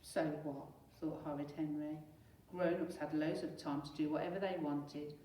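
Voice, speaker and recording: A teacher reading a children's storybook aloud in a lively, expressive way. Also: female voice, low voice, moderate pace, recorded from a distance, a little hiss or hum. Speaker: primary school teacher. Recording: echoey room, away from mic.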